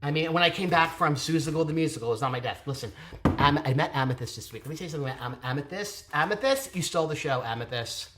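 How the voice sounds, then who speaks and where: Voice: medium pitch, expressive, fast, fairly bright tone. An adult vlogger giving a casual, chatty review of a local show, gushing and digressive, with theatrical asides. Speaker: theatre reviewer hosting own channel.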